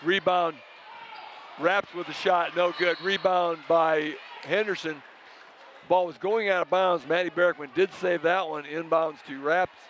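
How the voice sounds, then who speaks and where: A man doing play-by-play commentary for a high school basketball game, calling plays in short, brisk bursts. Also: a bit bright, slight background noise. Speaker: play-by-play announcer.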